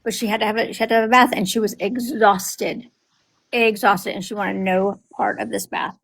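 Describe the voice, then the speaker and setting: A middle-aged grandmother telling family stories in casual chat, animated and acting out what others said. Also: medium pitch, moderate pace, gravelly, low-quality recording. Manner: animated storytelling, acting out quoted family members.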